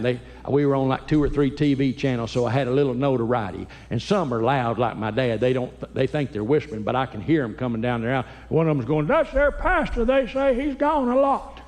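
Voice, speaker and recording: A man telling animated, folksy comic stories live in a church auditorium. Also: mid-range voice. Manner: animated, folksy, quick bursts. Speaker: Christian comedian. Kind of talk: live comedy storytelling. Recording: live hall with long reverb.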